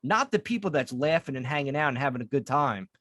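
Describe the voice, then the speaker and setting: A man's voice: medium pitch, lively intonation, fast, fairly bright tone, dry recording, studio quality. A man, co-hosting a podcast in casual chat and ranting heatedly with plenty of swearing. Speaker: podcast co-host.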